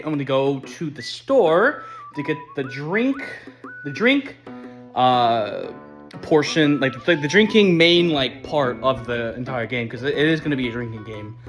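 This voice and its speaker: A young man giving a casual video diary update, excited and rambling with lots of fillers and restarts. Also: fairly high pitch, normal speed, faint music behind. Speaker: vlogger planning a party.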